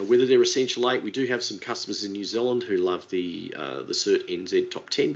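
A man with a very low voice walks through a webinar in a relaxed, chatty way, tossing in informal asides. The audio is dull and lo-fi, like a typical online meeting recording. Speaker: webinar presenter. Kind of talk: casual webinar presentation.

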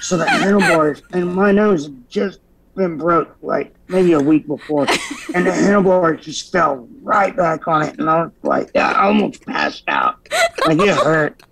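A man's voice: on the high side, animated, measured pace, vocal fry, a bit bright, slight background noise, poor audio. A man guesting on a podcast, casually telling stories and acting out his own past dialogue with energy. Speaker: podcast guest, former stuntman. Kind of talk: casual storytelling.

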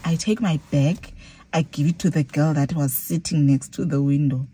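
Young woman, Xhosa accent, husky, fairly low voice, lively casual storytelling vlog. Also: normal speed. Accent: South African, Xhosa-speaking. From South Africa. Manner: animated, switching between English and Xhosa, acting out her own reactions. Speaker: vlogger.

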